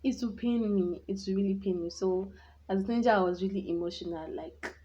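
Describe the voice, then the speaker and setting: A woman's voice: mid-range voice, brisk, dark tone, slight background noise. A young woman telling her own life story in a vlog, candid and reflective, rambling with many restarts. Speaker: vlogger. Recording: dull lo-fi sound.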